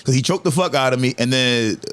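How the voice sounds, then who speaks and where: A man, a comedian guest on a podcast, telling stories in animated, profane, laughing chat. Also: medium pitch, fairly quick, clean tone.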